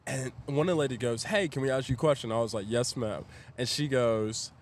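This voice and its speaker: A man's voice: medium pitch, brisk, slight background noise. A young man, a podcast guest, telling a story in casual talk and acting out what everyone said. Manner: animated, acts out the quoted lines in a rush.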